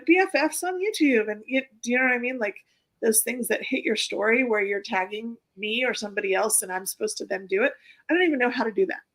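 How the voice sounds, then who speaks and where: A woman's voice: a little high, poor audio. A woman hosting her own live stream, chatting casually and rambling with many fillers and restarts. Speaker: host of a live pin-collecting stream.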